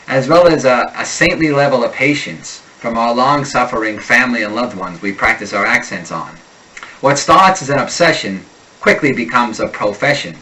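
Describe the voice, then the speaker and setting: A man teaching an accent lesson, slowly and deliberately drilling sample words. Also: mid-range voice, pushed and bright, distant mic, slight background noise, poor audio. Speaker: accent coach.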